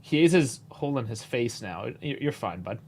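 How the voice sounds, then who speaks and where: A man's voice: mid-range voice, animated, moderate pace, a little mellow, a little hiss or hum. A man from Canada, hosting a casual live match reaction, chatty and laid-back with frequent chuckles and casual swearing. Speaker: host.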